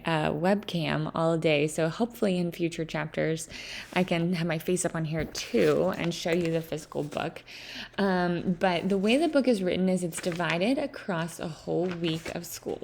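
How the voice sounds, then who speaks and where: A woman teacher reading a children's book aloud to her students, explaining gently and pausing with fillers. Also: on the low side, slight background noise.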